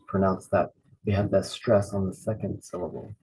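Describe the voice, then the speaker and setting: In a slow, patient beginners' lesson on Bible Greek, a man carefully repeats each word and spells names out letter by letter. His low-pitched voice is level, a little mellow and husky at a normal speed, though the audio quality is poor.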